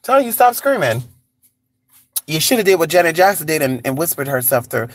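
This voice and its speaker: Sassy, animated gossiping vlogger. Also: mid-range voice, fairly quick. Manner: sassy, animated, calls listeners honey and girl. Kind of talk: casual gossip chat. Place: outdoors in the cold.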